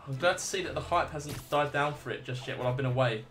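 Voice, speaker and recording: A man's voice: medium pitch, quick pace, fairly bright tone, faint music behind. A man livestreaming a video game, reacting with swearing and laughter while chatting casually with viewers. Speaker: gaming livestreamer. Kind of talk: casual let's play commentary.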